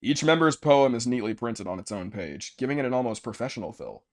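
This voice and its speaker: A man's voice: medium pitch, expressive, a little fast. A man streaming a visual novel, reading its narration aloud and cracking crude jokes with a friend. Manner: profane, jokey, reads narration aloud. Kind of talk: casual let's play, reading game text aloud.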